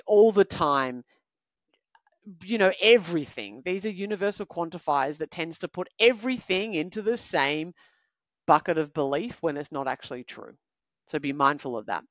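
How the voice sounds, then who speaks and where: Woman, podcast host, motivational coaching, numbered steps, lively pitch, dry slightly muffled audio. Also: no echo. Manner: emphatic, coaching, recaps in lists.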